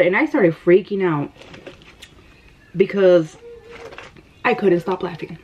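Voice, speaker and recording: A woman, telling a story in an animated, breathless way while eating on camera. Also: lowish voice, moderate pace, long pauses, a little hiss or hum. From United States. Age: 30s. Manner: animated, gasping, breathless retelling. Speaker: mukbang vlogger. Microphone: camera microphone. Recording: slightly dull lo-fi sound.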